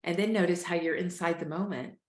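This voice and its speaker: A woman coaches listeners through a breathing exercise at a calm, steady pace. Her voice sits a little low. The recording has a roomy echo. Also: brisk. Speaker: host, life coach. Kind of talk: guided breathing instruction.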